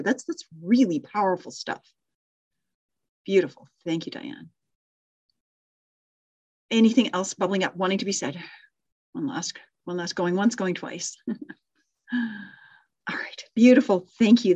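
A middle-aged woman with a medium-pitched voice teaches a live online storytelling class, praising her students and thinking aloud with restarts and little laughs. The audio has no echo but sounds dull.

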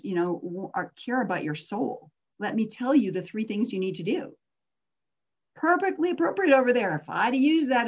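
A woman's voice: fairly high pitch, darkish tone, muffled recording. A woman teaching a persuasion workshop in a casual, conversational way, often putting questions to her audience.

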